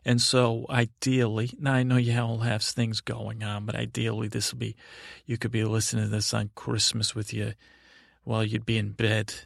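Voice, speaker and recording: A man playing a sweet, slow, gentle man who rambles dully on a comedy podcast. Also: fairly low pitch, completely flat delivery, vocal fry, no echo, clean studio sound. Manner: meandering, rambling and dull. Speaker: recurring comedy character. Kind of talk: improvised comedy podcast bit.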